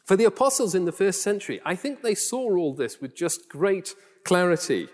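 Male preacher, softened Geordie accent, slightly higher voice, chatty sermon delivery, long hall reverb. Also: sing-song, moderate pace. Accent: Geordie, toned down. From Newcastle, England. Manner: conversational, rhetorical questions, self-deprecating asides.

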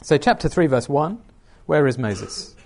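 Lively, animated male preacher. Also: on the high side, a little slow. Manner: asks the listeners questions, expressive reading of scripture. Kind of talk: sermon.

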